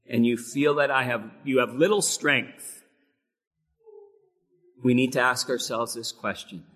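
Earnest preacher in a reverberant hall. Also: male voice, medium pitch, steady tone, slow, pauses often, fairly bright tone. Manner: earnest, rises to emphatic peaks on key phrases. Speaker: pastor. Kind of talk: sermon. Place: church sanctuary.

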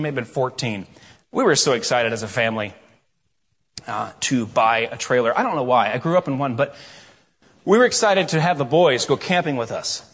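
Animated preacher in a reverberant hall. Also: male voice, medium pitch. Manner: storytelling, animated, shifts from quiet asides to loud questions. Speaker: pastor. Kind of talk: sermon.

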